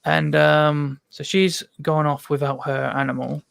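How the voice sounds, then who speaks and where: A man's voice: on the high side, flat delivery, measured pace, gravelly, fairly bright tone, clear, resonant tone, no echo. A man, a podcast guest, telling casual stories full of ums and restarts. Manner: rambling storytelling with many ums. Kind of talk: casual chat.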